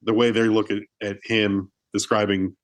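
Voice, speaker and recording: A man's voice: on the low side, level tone, normal speed, dry recording. A man co-hosting a film podcast, telling stories in a loose, rambling way, full of "like" and restarts. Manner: chatty storyteller, many "like"s and restarts. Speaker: podcast co-host. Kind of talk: casual film discussion.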